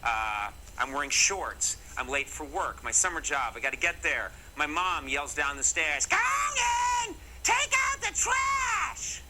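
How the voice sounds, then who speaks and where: A man's voice: mid-range voice, moderate pace, few pauses, pushed and bright, a little hiss or hum, low-quality recording. A middle-aged man from Massachusetts, hosting a comedy segment and telling stories to camera in a jokey, mock-serious way with wry asides. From Massachusetts, USA. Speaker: comedy show host. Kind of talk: comic talk to camera.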